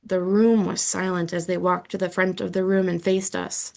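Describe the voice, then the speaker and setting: A woman's voice: on the low side, little pitch movement, normal speed, vocal fry. A woman reading a children's book aloud in the first person, telling the story with expression. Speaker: audiobook reader.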